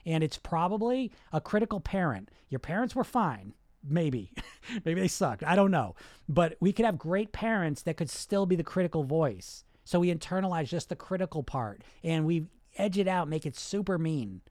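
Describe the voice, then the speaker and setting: A man's voice: on the high side, very animated, normal speed, a little mellow, no echo, studio quality. A man coaching on weight loss in a live podcast monologue, blunt and profane, acting out the inner voices he talks about.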